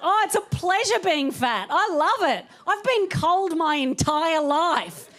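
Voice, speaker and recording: A woman's voice: very high-pitched, lively intonation, slow pace, a bit bright. A woman in her thirties doing a stand-up set on a comedy club stage, chatty and self-mocking, laughing through her punchlines.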